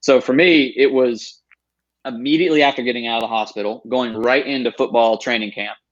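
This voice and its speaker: A man's voice: mid-range voice, fairly even intonation, a little fast. Earnest man in his thirties, lo-fi sound. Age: 30s. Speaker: guest. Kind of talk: podcast interview storytelling.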